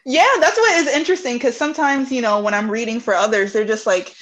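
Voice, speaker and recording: A woman guest on a podcast, chatting casually about spiritual readings in an animated way, swearing freely and laughing often. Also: on the high side, fast talker, a little hiss or hum. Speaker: podcast guest, intuitive reader.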